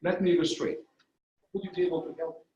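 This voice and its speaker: A man's voice: fairly high pitch, little pitch movement, fast, mellow, highs cut off. A man giving a training lecture, explaining ideas step by step and using live demonstrations. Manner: explanatory, illustrates with live demos. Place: conference room. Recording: echoey training room.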